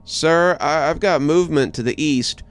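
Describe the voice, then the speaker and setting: A man voicing a tense young female army corporal with hushed, alert reports. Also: fairly high pitch, moderate pace, faint music behind, voice pushed up, natural voice. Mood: alarmed.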